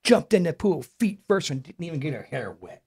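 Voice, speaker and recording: Animated male comedian telling stories. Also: a little fast, breathy edge. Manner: animated, jumps into high voices when quoting people. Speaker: stand-up comedian. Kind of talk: casual storytelling with joke routine.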